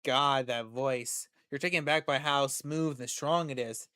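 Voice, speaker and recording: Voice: medium pitch, fairly even intonation, measured pace, fairly bright tone, no room sound, clean studio sound. A gaming streamer reading a visual novel aloud, joking, laughing and swearing at the story.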